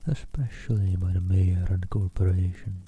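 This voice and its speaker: A man reading a storybook aloud in a soft, half-whispered ASMR style. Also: low-pitched, steady tone, normal speed, slightly rough, muffled recording. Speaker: storyteller and streamer.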